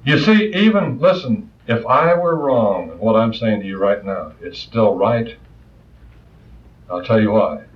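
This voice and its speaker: A man preaching a sermon with passion, his voice swinging between loud rises and soft, quiet asides. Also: fairly low pitch, lively intonation, a little slow. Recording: distant, roomy, muffled old recording.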